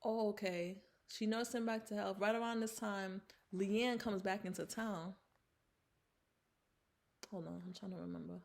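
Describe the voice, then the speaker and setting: Gravelly-voiced woman recapping a film. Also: medium pitch, fairly even intonation, measured pace. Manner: chatty retelling with fillers and restarts; acts out the characters' lines while retelling. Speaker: film reviewer. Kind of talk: casual film recap vlog.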